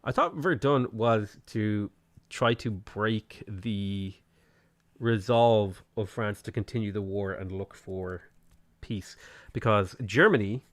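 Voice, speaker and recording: A man's voice: lowish voice, slow. A man streaming a strategy game, chatting casually and answering viewers' questions. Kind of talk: casual gameplay commentary.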